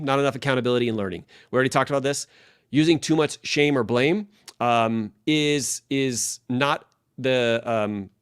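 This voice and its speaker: Fast-talking energetic male coach. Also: mid-range voice. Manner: energetic, rambling, frequent "right?" asides. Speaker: leadership coach. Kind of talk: casual direct-to-camera talk.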